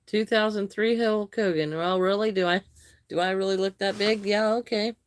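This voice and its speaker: A woman hosting a live crochet stream, chatting with viewers, greeting and thanking them by name, with some halting restarts. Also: mid-range voice, fairly even intonation, no echo. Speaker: livestream host.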